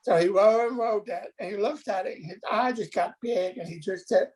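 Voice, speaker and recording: A middle-aged man telling a personal story in a halting way, acting out the voices of the people in it. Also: high-pitched, darkish tone, low-quality recording. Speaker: guest.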